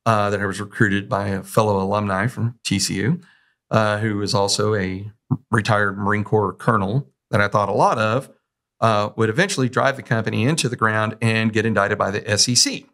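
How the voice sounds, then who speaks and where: A man's voice: on the low side, steady tone, fairly quick, fairly bright tone. A male podcast host and Marine veteran in a casual interview, telling long anecdotes and acting out other people's words. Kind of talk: conversational interview.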